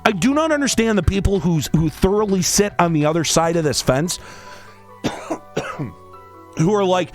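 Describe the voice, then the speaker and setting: Man, high voice, wildly animated, sarcastic, exasperated, swearing freely. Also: normal speed, long pauses, faint music behind. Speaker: streamer and podcast host. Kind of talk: angry rant.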